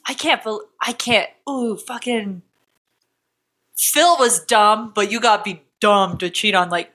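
A woman's voice: mid-range voice, measured pace, a bit bright. A young woman co-hosting a podcast, joking and teasing in casual, profane banter. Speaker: podcast co-host. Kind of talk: casual chat.

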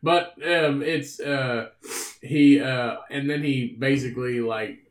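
A man's voice: mid-range voice, steady tone, slow pace, roomy sound. A man co-hosting a podcast, talking in a rambling, casual way, swearing a lot and laughing often. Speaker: podcast co-host. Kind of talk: casual chat.

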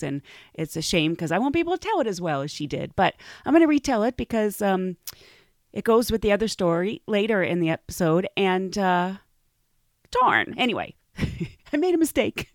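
A woman's voice: lowish voice, a little fast, no room sound, clean studio sound. A woman hosting a podcast, telling a story casually, laughing often and acting out the people in it. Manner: giggly, animated, acts out quoted voices. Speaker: podcast host.

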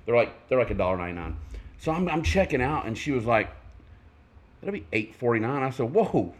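A man co-hosting a casual podcast, swearing often and acting out people in animated stories. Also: mid-range voice, a little fast. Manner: swears a lot, animated storytelling with voices. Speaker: podcast co-host. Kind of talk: casual chat.

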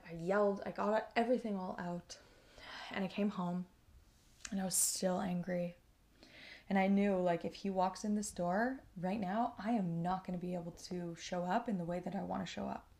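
Creaky-voiced woman hosting a podcast. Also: mid-range voice, a little mellow. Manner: reflective, conversational, often checks in with listener. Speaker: podcast host. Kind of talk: candid personal monologue.

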